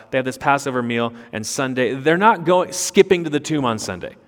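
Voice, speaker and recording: A man preaching an expository sermon, emphatic, with rhetorical questions and repeated words. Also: medium pitch. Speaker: pastor. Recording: long reverb of a large hall.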